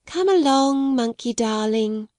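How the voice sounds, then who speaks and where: A woman reading an audiobook, voicing an earnest, gentle and polite young girl who speaks eagerly and tenderly. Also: a little high, lively intonation, moderate pace, no echo, studio quality, natural voice.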